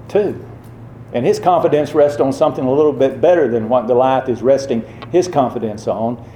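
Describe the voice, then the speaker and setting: A man's voice: mid-range voice, warm tone, a little hiss or hum. A man preaching a sermon, emphatic and fond of rhetorical questions. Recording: roomy echo.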